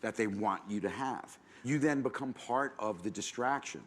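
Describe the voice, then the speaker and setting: A man's voice: fairly low pitch, moderate pace, fairly bright tone. Emphatic ranting male comedian. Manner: emphatic, ranting, swears freely. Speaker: comedian panelist. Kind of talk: casual panel chat.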